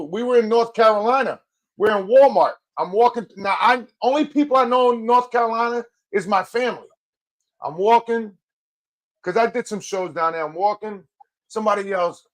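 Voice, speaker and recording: A middle-aged man hosting a casual chat, telling animated stories. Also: sits high, moderate pace. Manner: storytelling, animated. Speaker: podcast host.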